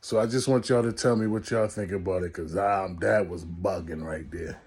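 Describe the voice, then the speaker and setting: A man hosting a storytelling vlog, animated and laughing as he tells a story and talks to his viewers. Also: sits low, normal speed, breathy edge. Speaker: podcast host.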